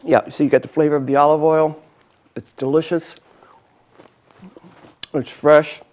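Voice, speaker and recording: A man hosts a homey local cooking show. He talks in a chatty, enthusiastic way while demonstrating a dish, and keeps talking even while chewing. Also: a little high, measured pace. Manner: chatty, enthusiastic, eats and talks with mouth full.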